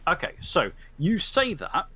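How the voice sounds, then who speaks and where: A man's voice: sits high, wildly swooping pitch, unhurried, bright, forceful tone, breathy edge, dry recording. A man narrating a tabletop game as storyteller, rambling with many restarts.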